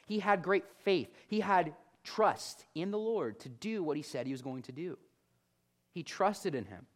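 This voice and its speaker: A man preaching a sermon in an animated, conversational way, talking directly to his listeners. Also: fairly high pitch, a little slow.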